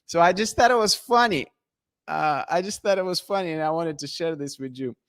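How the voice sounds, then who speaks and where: A man's voice: a little high, fairly quick, a bit bright, no echo, studio quality. A man hosting a casual livestream, chatting and reading out viewer comments, laughing often. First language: Russian. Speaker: livestream host.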